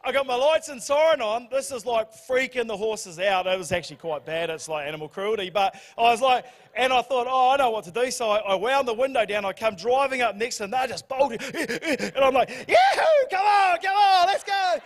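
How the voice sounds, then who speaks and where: High-voiced New Zealand pastor telling a story. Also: male voice, a little fast. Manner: animated, laughing storyteller with sudden high shouts. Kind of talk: storytelling sermon. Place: church.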